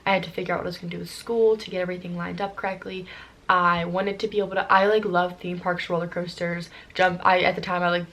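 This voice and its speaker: A young woman vlogger telling a personal story in casual chat, rushing along with lots of "like" and "um". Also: lowish voice, fairly bright tone. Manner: rushed, filler-heavy with constant "like" and "um".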